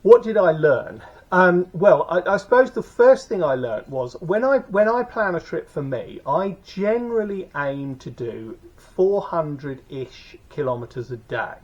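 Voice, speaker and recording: A man's voice: fairly high pitch, big pitch swings, measured pace, few pauses, slightly rough. A man recounting a motorcycle tour in a casual, rambling way, full of fillers and restarts. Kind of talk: casual spoken recap. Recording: dull lo-fi recording.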